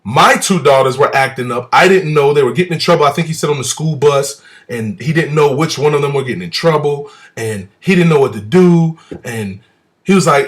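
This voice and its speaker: Animated storytelling man, slightly high voice. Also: fairly quick. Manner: storytelling, acts out quoted voices, swings loud and soft. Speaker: speaker recounting a church visit. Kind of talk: animated personal testimony. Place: at home.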